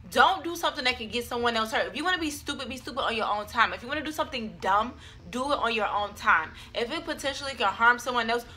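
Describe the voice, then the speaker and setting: A young woman tells a story to her camera, chatty and dramatic, with plenty of fillers along the way. Her voice sits a little high and sounds bright and forceful. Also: expressive, quick pace, hardly any pauses. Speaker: vlogger. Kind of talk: storytime vlog.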